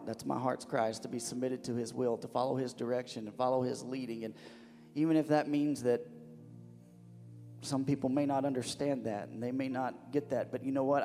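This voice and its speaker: A man's voice: mid-range voice, mellow, big-room sound. A man preaching as pastor of a church, fervent and repetitive, often restarting his words. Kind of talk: sermon. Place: church sanctuary.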